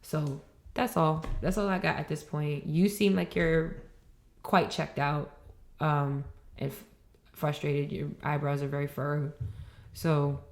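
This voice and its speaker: A woman's voice: low-pitched, little pitch movement, measured pace. Frustrated, rambling woman podcast co-host. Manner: frustrated, rambling, swears often. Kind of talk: heated casual conversation.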